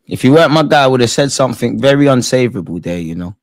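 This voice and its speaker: Young man, excitable, slangy, live football reaction. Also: mid-range voice, quick pace. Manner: excitable, shouts at players and the referee, slangy. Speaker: football watch-along host. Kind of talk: live match reaction commentary.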